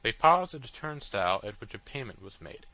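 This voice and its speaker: A man narrating a classic novel as an audiobook in a steady literary reading. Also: fairly low pitch, brisk, low-quality recording. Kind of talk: scripted narration.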